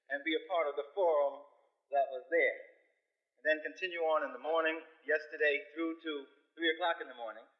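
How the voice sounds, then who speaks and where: A man from New York lectures a community forum in a high voice. He talks with emphatic, rhetorical force and pushes his key points loud. His tone is very bright and cutting. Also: rough recording.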